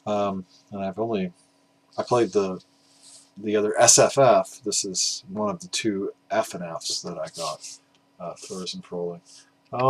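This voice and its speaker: A record collector vlogger, a man with a lowish voice, rambles casually and hesitantly about vinyl records, full of fillers and the occasional swear word. The audio is poor, with a slight hiss or hum.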